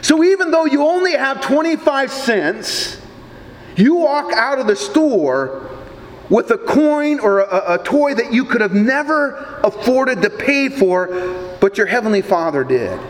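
A male pastor from Nebraska preaching a sermon, telling stories in an animated way with small stammers. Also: very high voice, measured pace, in a large hall, low-quality recording.

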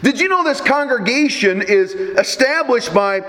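A middle-aged male pastor with a notably high voice delivers a sermon in a church, mixing scripture with folksy anecdotes and dry humor. His words ring out with a long reverb through the sanctuary. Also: expressive, unhurried, bright, forceful tone.

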